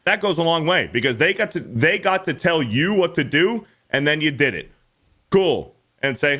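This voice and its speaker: A podcast host chats casually and bluntly, swearing a lot and imitating other people in high, mocking voices. His intonation is lively, his pace moderate, and his tone pushed and bright.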